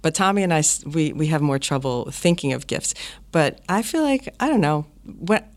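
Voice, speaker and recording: A woman's voice: low-pitched, moderate pace. A middle-aged woman co-hosting a podcast, chatting casually and giggling through her stories. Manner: giggly, chatty, animated storyteller. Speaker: podcast co-host, mother. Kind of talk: casual family chat.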